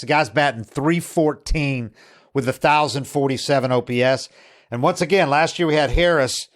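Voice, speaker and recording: Male sports podcast host, rambling casual delivery, mid-pitched voice, retells quotes. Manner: rambling, with frequent restarts and quoted asides.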